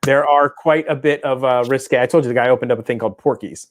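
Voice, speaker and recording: A man co-hosting a casual chat show, mid-pitched and conversational. He tells a long, winding story full of restarts and briefly acts out the people in it. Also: quick pace, a little hiss or hum. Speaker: podcast co-host.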